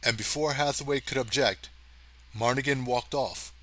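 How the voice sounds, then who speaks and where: A man reading a science fiction story aloud as narrator, steady and even. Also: mid-range voice, moderate pace. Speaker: audiobook reader. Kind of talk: scripted narration.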